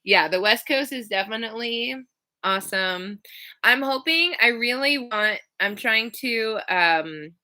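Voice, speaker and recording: A woman's voice: on the high side, animated, measured pace, bright, forceful tone. A woman in her thirties hosting a casual live question-and-answer chat, talking loosely with lots of "like" and "um". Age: 30s. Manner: chatty, many "like" and "um" fillers. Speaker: skating channel host.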